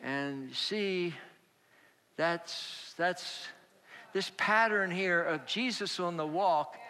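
A male pastor preaching a sermon, telling a personal story slowly and acting out the dialogue. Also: high voice, bright, forceful tone, in a large hall. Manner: slow, storytelling, acts out dialogue.

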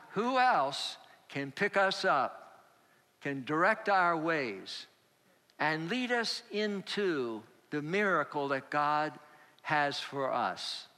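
Male pastor, slightly high bright voice, unhurried storytelling sermon in a reverberant church. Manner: slow, storytelling, acts out dialogue.

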